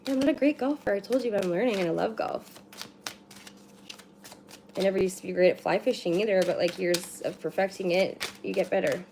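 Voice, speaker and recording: A woman at home gives a loose, chatty card reading, drifting between tangents and dropping casual swears and filler words. Her voice sits at an ordinary middle pitch, and shuffling cards and clicks come through noisily behind her. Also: fairly quick, gravelly, a little mellow, a little hiss or hum. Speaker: card reader.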